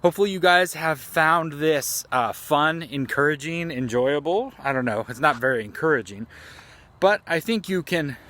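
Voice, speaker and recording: A man's voice: a little high, lively intonation, normal speed, fairly bright tone. Chatty man vlogging on a phone. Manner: chatty, rambling, self-deprecating. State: a little out of breath. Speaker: gaming YouTuber. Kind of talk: casual vlog talk to camera. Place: outdoors at dusk, near trees. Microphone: phone at arm's length.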